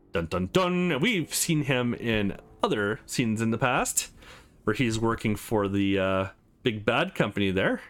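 A man's voice: fairly low pitch, big pitch swings, unhurried, a bit bright, slight background noise. A man hosting a let's play, casual and rambling with fillers as he plays. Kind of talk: casual gameplay commentary.

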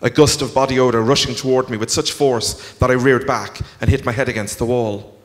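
A man's voice: mid-range voice, a little fast, few pauses. A man reading his first-person story aloud to a live festival audience. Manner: expressive, storytelling. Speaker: author reading at a literary festival. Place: large concert hall. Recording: long concert hall reverb.

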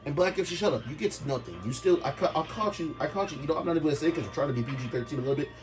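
A man's voice: on the high side, rapid-fire, over music. A middle-aged man, a father, trading boastful, teasing banter while hosting a family video game tournament. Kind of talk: casual trash-talk over gameplay.

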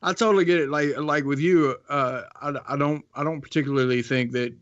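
A man's voice: fairly high pitch, fairly even intonation, dry recording, muffled recording. Southern man rambling on a podcast. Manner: rambling, halting with many restarts. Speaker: podcast co-host. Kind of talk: casual podcast chat.

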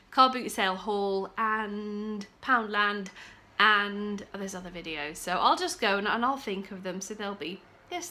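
Bright, chatty woman vlogger. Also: medium pitch. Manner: chatty, rambling, enthusiastic. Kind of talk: casual chat. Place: upstairs room at home.

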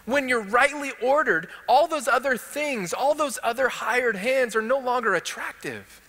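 A man's voice: extremely high pitch, lively intonation, moderate pace, sharp tone. A man with a Texan accent, a teaching pastor delivering an impassioned sermon full of building rhetorical questions in a church sanctuary. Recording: long hall reverb.

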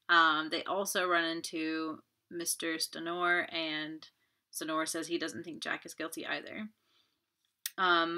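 A woman reading a novel aloud and then recapping the chapter in relaxed talk with fillers. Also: deep voice. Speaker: audiobook reader. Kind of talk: audiobook narration and chapter recap.

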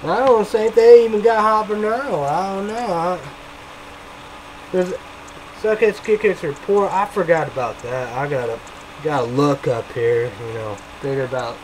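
A young man rambles through a casual vlog review in an unhurried drawl, his voice sitting a bit high for a man. He swears freely and keeps breaking into shouted hype catchphrases, with a faint noise underneath. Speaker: vlogger.

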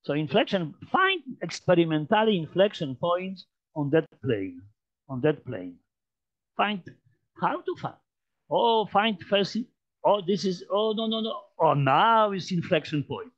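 A man with a Polish accent gives an informal mathematics lecture in a fairly high voice. He talks haltingly, with many fillers, restarts and repeated phrases. The recording sounds dull and lo-fi. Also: very animated. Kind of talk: informal lecture demonstrating on a computer.

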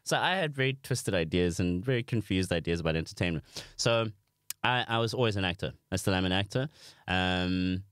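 Deep-voiced and talking a little fast, this young South African guest on a comedy podcast spins animated, self-deprecating stories in his South African accent. His tone is clean, the recording dry with clean studio sound.

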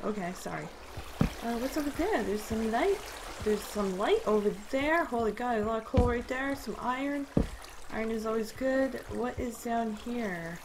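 A woman's voice: on the high side, animated, normal speed. A young woman chatting casually over her gameplay, easily startled and poking fun at herself. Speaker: gamer. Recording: noisy home recording.

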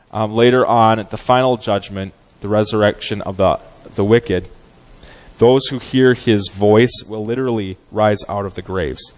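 A man with a fairly low voice preaches a sermon. His delivery is earnest and measured, and he often pauses on fillers as he works through scripture. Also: rough recording. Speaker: guest preacher. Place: church sanctuary.

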